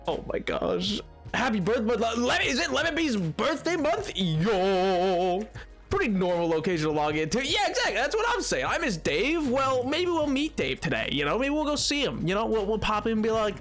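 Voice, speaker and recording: A man's voice: sits high, sing-song, moderate pace, fairly bright tone, soft background music. A man live-streaming a game, chatting playfully and joking with his viewers. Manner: playful and joking, talks to chat. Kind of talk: casual live-stream chat while gaming.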